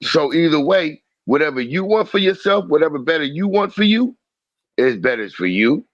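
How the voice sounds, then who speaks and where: A man co-hosting a casual livestream podcast, talking in an animated way, often repeating himself and stumbling over words. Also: fairly high pitch, moderate pace, dry recording, dull audio. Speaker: podcast co-host.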